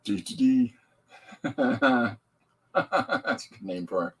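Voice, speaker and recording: A man's voice: medium pitch, measured pace, creaky, fairly bright tone, breathy edge, poor audio. A man hosting a podcast livestream, rambling and upbeat as he greets viewers and talks about his comics. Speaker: podcast host and comic artist. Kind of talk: casual livestream chat.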